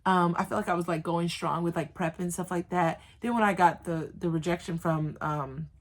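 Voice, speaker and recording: Woman, small business vlogger, slightly low voice, rambling and chatty with lots of fillers. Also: steady tone, normal speed. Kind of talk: chatty vlog. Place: indoors, sitting on the floor.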